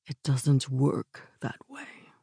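A tense young man in a storybook romance, his words coming out strained and growled low through his teeth, as a woman narrator puts him on. The voice is slow, dark and gravelly, with a husky grain, set in a dry, close recording. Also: sing-song, dry recording, exaggerated voice. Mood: growling.

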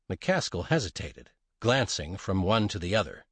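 A man reads a western novel aloud in an expressive, dramatic style. His voice is husky with lively, wide-ranging intonation. It is recorded close in a dry, dead space. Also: deep voice, moderate pace, hardly any pauses, no room sound. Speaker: audiobook narrator. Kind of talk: scripted narration of a western novel.

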